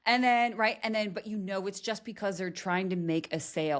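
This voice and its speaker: A woman hosting a podcast interview, energetic and chatty, often tagging her points with "right?". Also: medium pitch, brisk, hardly any pauses. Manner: energetic, frequent "right?" tags, laughs often. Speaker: podcast host.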